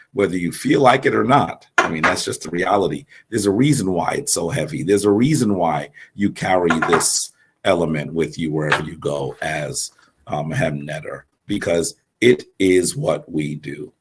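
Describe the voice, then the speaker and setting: A man with a sore throat giving an earnest live-streamed religious teaching, pausing often with ums as he explains. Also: deep voice, noisy background. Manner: slow, earnest, lecturing with frequent ums.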